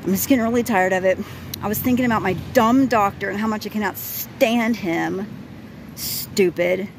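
A woman's voice: mid-range voice, moderate pace, creaky, noisy background. A woman in her forties venting in a casual vlog while walking her dog outdoors, exasperated and rambling with restarts, recorded on a handheld phone. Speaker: vlogger.

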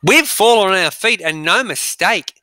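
An excited storybook schoolboy, as a male teacher reads him aloud. The words come slowly, pitched a little high. The tone is crisp and bright. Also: no room sound. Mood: delighted. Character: boy, cheerful, excited schoolboy.

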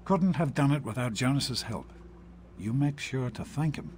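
An actor playing a gentle, protective father in a video game, speaking in a calm, earnest and reassuring way. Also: mid-range voice, normal speed, a little hiss or hum, natural voice. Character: gentle protective middle-aged father, vault doctor. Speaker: father of the player character.

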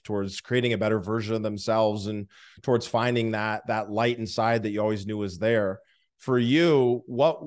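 A man hosting an interview, asking measured, reflective questions. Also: on the low side. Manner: measured, reflective, frequent quiet backchannels. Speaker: podcast host.

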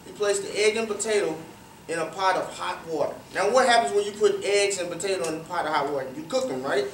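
Speaking fast in a voice that sits high, a man visiting a youth cricket academy as guest speaker gives a motivational storytelling talk to young people in a large room with an audience. He asks them questions and repeats key phrases for emphasis. The sound is distant and roomy, with faint ambience and slight background noise.

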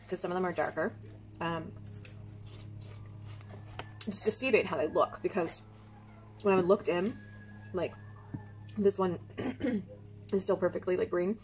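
Chatty mom in her kitchen, low voice. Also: a little mellow. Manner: chatty and upbeat, thinks aloud with fillers. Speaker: home cook vlogger. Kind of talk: casual cooking demo. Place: home kitchen.

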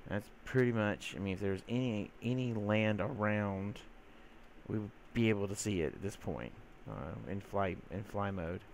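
A man's voice: fairly low pitch, normal speed, gravelly, a little hiss or hum. A man giving casual, rambling gameplay commentary, full of fillers, who sometimes coos teasingly at the creatures in his game. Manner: rambling, chatty, filler-heavy; teasing baby-talk to game mobs. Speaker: gamer.

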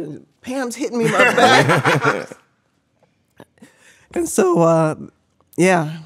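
A middle-aged woman, a podcast guest, telling an animated story, laughing often and acting out the voices of people she quotes. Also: on the low side, takes it slowly, long pauses, breathy edge.

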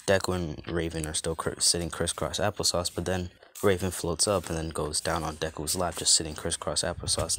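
Deep-voiced man, rambling casual fan-story narration, faint hiss. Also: fairly bright tone. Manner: rambling, many fillers and restarts.

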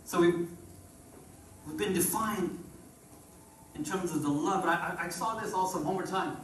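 Man, pastor, sermon, call-and-response, slightly high voice, faint room noise. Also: normal speed. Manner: call-and-response preaching, rises and drops in volume. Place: church sanctuary. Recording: roomy church echo from far off.

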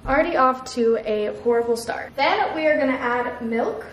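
A woman's voice: high voice, normal speed, hardly any pauses, echoey room, a little hiss or hum. A woman in her twenties chatting casually to camera in her home kitchen as a vlogger. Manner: chatty, talks to camera while cooking. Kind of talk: casual vlog chat.

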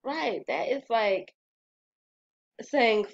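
A woman, talking casually to her viewers about calming down, chatty and sassy. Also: medium pitch, a little slow, muffled recording. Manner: chatty, sassy, laughs and sighs often. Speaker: vlogger. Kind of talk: casual wellness talk.

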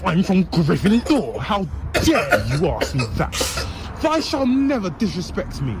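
A man putting on a pompous, haughty mock-Shakespearean gentleman who speaks in old-fashioned words. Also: high voice, huge pitch swings, a little slow, heavy background noise, exaggerated voice. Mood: indignant. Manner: archaic, haughty, indignant.

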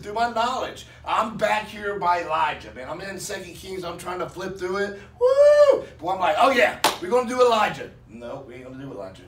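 A male pastor preaching a sermon and leading prayer in an excitable, lively way. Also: high voice, slight background noise. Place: church hall. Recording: echoey church from far off.

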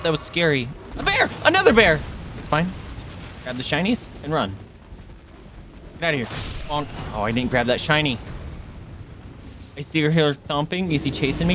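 A man streaming a video game, reacting loudly and excitably: he yelps and squeals at enemies, coos at animals in baby-talk, and drops to a hush when sneaking. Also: on the high side, unhurried, pauses often, soft background music. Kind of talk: live gameplay commentary.

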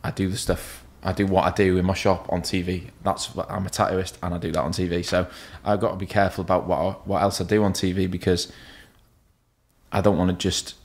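Low and level, this man's brisk voice belongs to a tattoo artist appearing as a podcast guest. He rambles candidly in casual conversation, cursing freely.

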